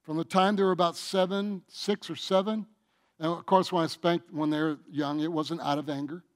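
A middle-aged man preaching a sermon, stretching out his phrases and swinging between booming emphasis and hushed asides. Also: steady tone, normal speed.

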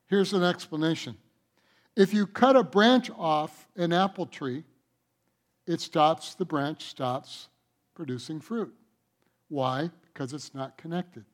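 A man's voice: fairly high pitch, slow. A male pastor preaching a sermon, emphatic, with rhetorical questions to the congregation.

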